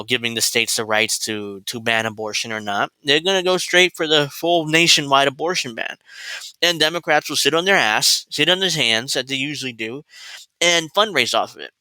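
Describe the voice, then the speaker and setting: Bright-voiced angry ranting man. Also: medium pitch, clean tone, no room sound, low-quality recording. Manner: heated, profane, repetitive. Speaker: political commentator. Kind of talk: angry political rant.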